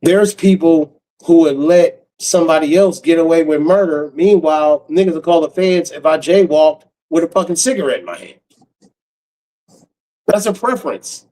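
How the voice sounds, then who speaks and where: A man's voice: fairly high pitch, expressive, moderate pace, dark tone, poor audio. A man ranting on his stream in a blunt, harsh way, cursing freely. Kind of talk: profane casual rant.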